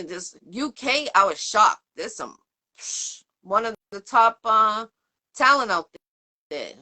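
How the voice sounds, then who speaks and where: A woman hosting an interview show, chatting in a rambling, upbeat way with lots of fillers. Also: medium pitch. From Boston area, USA. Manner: rambling, upbeat, full of shout-outs and fillers. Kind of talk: casual interview chat.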